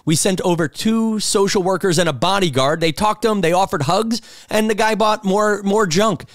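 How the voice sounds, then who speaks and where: A middle-aged man, hosting a podcast and telling stories in a loose, animated monologue. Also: high-pitched, normal speed, dry recording, studio quality. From New York City. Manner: rambling, animated storytelling. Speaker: podcast host. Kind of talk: casual monologue.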